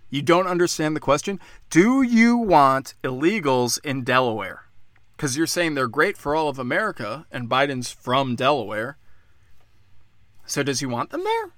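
A man's voice: mid-range voice, sing-song, moderate pace, fairly bright tone, no room sound, clean studio sound. A man from Pennsylvania delivering a solo political rant, profane and mocking, firing off sarcastic rhetorical questions.

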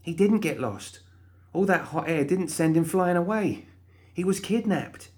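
A man's voice: fairly high pitch, expressive, measured pace, darkish tone, pitched above the performer's own voice. A man voicing a cheerful, prim undead young woman, talking in a chirpy, sweetly indignant way in a storybook reading. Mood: excited.

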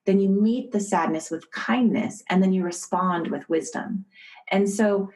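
A middle-aged woman from the United States, an author and professor, explaining ideas calmly as a podcast guest. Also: medium pitch, rough recording. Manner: calm, measured teaching. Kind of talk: podcast interview, storytelling.

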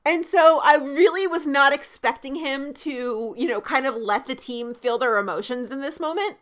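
Bright high-voiced gushing young woman. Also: normal speed. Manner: emotional, gushing reactions. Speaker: podcast co-host. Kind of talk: casual recap chat.

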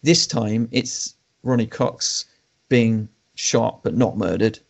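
A man co-hosting a podcast, casually reviewing a film with relaxed opinions and the odd restart. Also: mid-range voice, slow pace, vocal fry. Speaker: podcast co-host.

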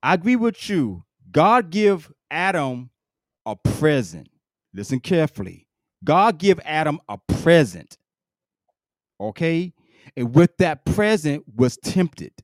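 A man's voice: on the high side, very animated, slow pace, no room sound. Emphatic podcast host guy, keeps jumping in, voice bouncing all over, dry close mic. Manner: emphatic, keeps interrupting with repeated "listen". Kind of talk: heated casual debate.

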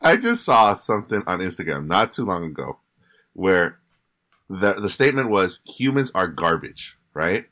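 A man's voice: deep voice, big pitch swings, moderate pace, sharp tone. A man in casual podcast chat with friends, laughing often and telling stories animatedly.

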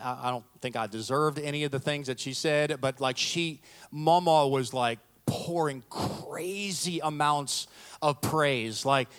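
A middle-aged male pastor delivers a sermon through humorous stories, animatedly acting out the voices of the people in them and poking fun at himself. His voice is fairly high, clear, and resonant. He speaks at an unhurried pace.

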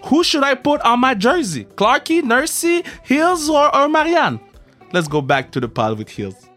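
A man hosting a casual podcast interview, excitable and profane, often stammering over repeated words. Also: very high-pitched, moderate pace, faint music behind. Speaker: podcast host.

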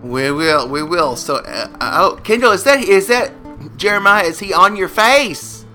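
A radio host bantering in a goofy, excitable, rambling way, his voice very bright and sharp, lively in pitch and sitting a little high. Faint music plays under his comic back-and-forth. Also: moderate pace.

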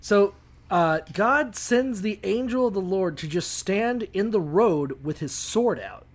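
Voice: medium pitch, animated, unhurried. A podcast co-host retells a bible story in loose, joking language full of swearing. The talk is casual, with many fillers and restarts. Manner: profane, jokey, full of fillers.

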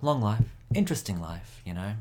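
A man's voice: lowish voice, lively intonation, brisk, a little mellow. A man doing a boastful old talking dog. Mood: rambling. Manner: rambling, casual, full of fillers. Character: boastful old male talking dog, laid-back liar.

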